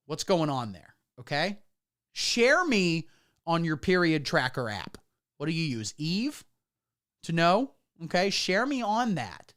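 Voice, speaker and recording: A man's voice: on the high side, a bit bright. A man rambling through a crude, absurd satirical story on a livestream, breaking off to read out chat comments. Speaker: comedian streamer.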